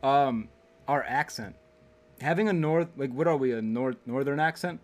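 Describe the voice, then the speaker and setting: A man's voice: medium pitch, normal speed. A young man from Connecticut co-hosting a casual chat, rambling with many fillers and laughing easily. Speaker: podcast co-host.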